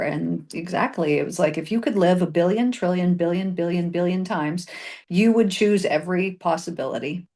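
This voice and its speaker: Woman, lowish voice, spiritual teacher, podcast guest, earnest, emphatic, conversational. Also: moderate pace, darkish tone. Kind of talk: casual conversational interview.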